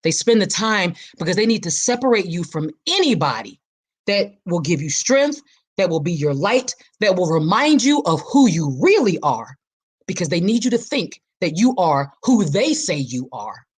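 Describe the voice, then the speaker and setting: Speaking at a normal speed, this forty-something woman has a fairly low, slightly rough voice that swings widely in pitch. She hosts a reflective personal podcast, delivering it like a preacher and repeating her key phrases.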